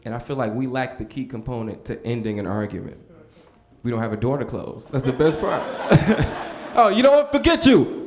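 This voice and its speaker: A young man performs stand-up on a club stage, talking in a relaxed, storytelling way. He chuckles at his own lines and slips into other people's voices. His voice sits at an ordinary, mid-range pitch. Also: moderate pace, roomy sound. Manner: laid-back storytelling, acts out voices, laughs at own jokes. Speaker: stand-up comedian. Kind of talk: stand-up comedy set. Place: comedy club stage with audience.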